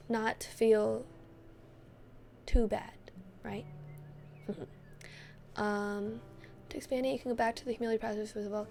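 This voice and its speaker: A woman's voice: fairly high pitch, vocal fry, darkish tone. A woman streamer chatting earnestly with her viewers and reading a gratitude practice aloud. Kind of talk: casual live-stream chat, reading aloud. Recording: faint music behind.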